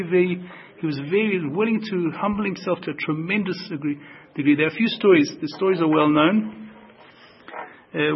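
A man teaching a Torah class, telling stories in an animated way, repeating phrases and acting out the quotes. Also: on the high side, lo-fi sound, a little hiss or hum.

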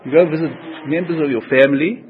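A man's voice: on the high side, fast talker, narrow, tinny audio, a little hiss or hum. A man teaching a religious text in an earnest, repetitive way, restating each phrase as he explains it. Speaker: Torah teacher.

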